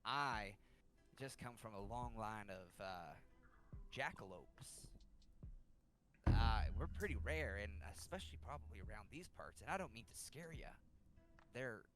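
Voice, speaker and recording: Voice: mid-range voice, expressive, measured pace, long pauses, lightly acted. A player voicing a flustered rabbit-folk man who stammers defensively in a tabletop game. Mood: placating.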